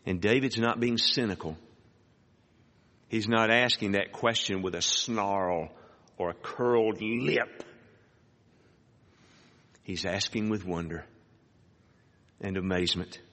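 A man preaching a sermon. He reads scripture aloud and rises sharply in pitch on emphatic words. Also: slow pace, long pauses, a bit bright. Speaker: pastor. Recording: hall reverb.

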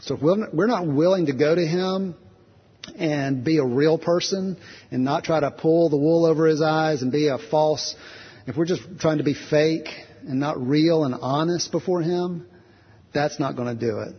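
A man's voice: on the high side, normal speed. A man preaching a sermon in a church in an earnest, repetitive cadence, acting out short prayers. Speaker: pastor. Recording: husky voice, long hall reverb, dull lo-fi sound.

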